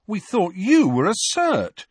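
A man voicing a cheeky, mocking teenage twin brother who talks in a brisk, teasing way in an audiobook. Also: mid-range voice, huge pitch swings, slightly rough, no room sound, voice pushed up.

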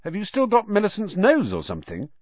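A man voicing an excitable teenage schoolboy who blurts things out eagerly. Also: sits high, fast, no room sound, highs cut off, voice pushed up, heavily acted. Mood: uncertain.

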